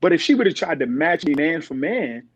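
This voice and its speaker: Middle-aged male guest, fairly high voice, animated storyteller who acts out quotes, dull and dry recording. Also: brisk, husky, dry recording. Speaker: podcast guest. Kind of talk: storytelling in conversation.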